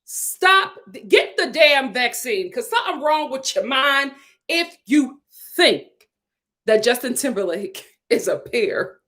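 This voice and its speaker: A young woman from Philadelphia hosting a live stream, reading viewer comments with sassy, animated chat and frequent laughter. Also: high-pitched, measured pace.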